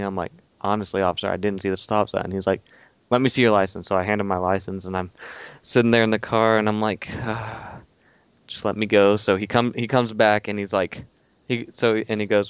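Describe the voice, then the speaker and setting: A man's voice: lowish voice, fairly even intonation, fairly quick, clean tone, no room sound, lo-fi sound. A young man on a podcast, telling a rambling story in casual chat, swearing and acting out the quotes. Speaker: podcast co-host.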